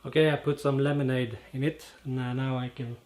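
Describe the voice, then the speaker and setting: A man with a Norwegian accent, a native Norwegian speaker, explaining an idea to camera in a halting way and often pausing to search for words. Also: mid-range voice, level tone, darkish tone. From Norway. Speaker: channel host. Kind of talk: casual explanatory monologue. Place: in front of a green screen.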